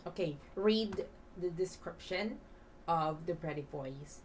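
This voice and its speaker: Female teacher, low-pitched, patient classroom explainer with fillers; faint background noise. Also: takes it slowly, darkish tone, recorded from a distance, rough recording. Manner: explains with many fillers, has class repeat words; breathy half-whisper when demonstrating. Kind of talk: demo teaching lesson.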